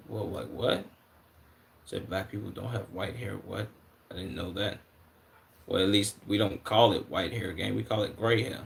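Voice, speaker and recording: A man's voice: lowish voice, vocal fry, bright, forceful tone, slight background noise. A man in his twenties from Chicago, reacting casually on a live stream in a slangy way, often incredulous and stuttering over his words. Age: 20s.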